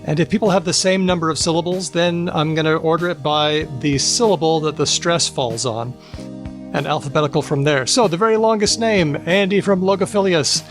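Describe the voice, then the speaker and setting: A man hosting a podcast in a playful, casual way, briskly reading out lists of names. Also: fairly high pitch, soft background music. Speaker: podcast host.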